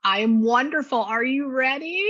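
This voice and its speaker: A woman's voice: high-pitched, normal speed, fairly bright tone, no room sound, muffled recording. A woman working as a psychic medium, talking casually and gushingly through a reading, with many restarts. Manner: chatty, gushing, restarts often.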